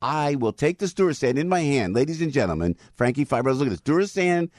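A man with a North Jersey accent hosts a morning radio show with a lively, swooping delivery. He talks theatrically and pitches products with great enthusiasm, and his studio mic sounds close and dry. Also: fast talker, no room sound. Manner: animated, theatrical, plugs products. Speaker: radio talk show host.

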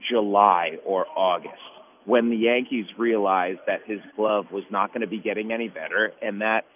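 A man calling in as a guest to a sports radio show, halting and repeating phrases before he makes his point. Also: on the low side. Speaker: guest baseball insider. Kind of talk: sports radio phone interview. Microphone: phone. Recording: tinny phone line with faint hiss.

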